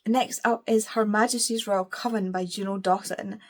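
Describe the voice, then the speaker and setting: A British book reviewer chats casually, opinionated and gushing, with playful, self-deprecating apologies. Her mid-range voice keeps a steady tone at a normal speed.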